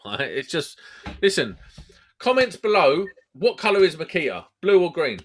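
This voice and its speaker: A man's voice: fairly high pitch, very animated, moderate pace, fairly bright tone. A man hosting a podcast, telling stories in casual, laddish banter. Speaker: podcast host. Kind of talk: casual storytelling chat.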